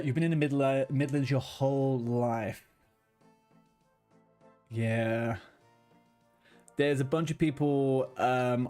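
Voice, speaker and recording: Guy streaming from his room, chatty, ranty, swears a lot, mid pitch, bit of music behind. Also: darkish tone. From London, England. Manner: chatty, ranting, swears freely. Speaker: livestreamer. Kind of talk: casual chat with viewers. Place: home room with a blue wall.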